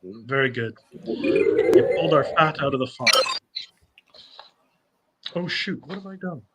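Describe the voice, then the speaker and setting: A man's voice: medium pitch, expressive, measured pace, heavy background noise. A man on a casual quiz panel, playful and self-mocking.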